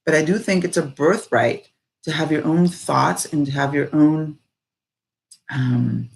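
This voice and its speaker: A woman speaking casually and reflectively on personal growth, animated and rambling, full of fillers. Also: low-pitched, measured pace, creaky.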